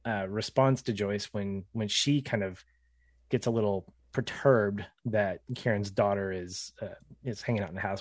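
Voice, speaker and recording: A man's voice: on the low side, a little mellow, no echo, clean studio sound. A man co-hosting a podcast, chatting casually through a TV episode recap in a reflective way, often laughing mid-sentence. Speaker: podcast co-host.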